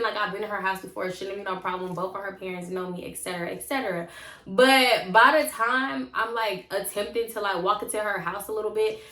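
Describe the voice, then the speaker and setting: A young woman telling a casual storytime vlog in an animated, blunt and profane way. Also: mid-range voice. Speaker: storytime vlogger. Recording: roomy echo.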